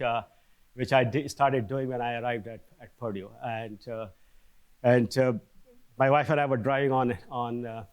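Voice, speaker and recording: Older male lecturer, chatty academic delivery, checks in with the room often. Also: mid-range voice. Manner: conversational, frequent "okay?" check-ins with restarts. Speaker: seminar speaker. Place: lecture hall.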